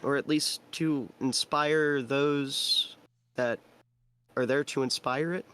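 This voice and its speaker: A man's voice: mid-range voice, steady tone, slow, sharp tone, smooth. A man voicing a weary male hero who has become the god of hope, speaking in a stammering, heartfelt way. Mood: resolute.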